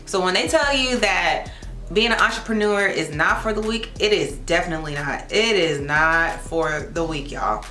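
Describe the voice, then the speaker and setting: A woman's voice: fairly low pitch, expressive, moderate pace, bright, forceful tone. A young woman, a lash artist chatting casually to camera in a vlog and calling her viewers y'all. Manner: chatty and self-teasing, calls viewers y'all. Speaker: licensed esthetician and lash artist. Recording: echoey room with faint music.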